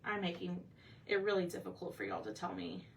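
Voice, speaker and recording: A woman with a lowish, sing-song voice talks a little fast while hosting a casual live painting session as a craft painting host, chatting, thinking aloud as she works, and asking viewers for their opinions. The mic is slightly distant, with faint background noise.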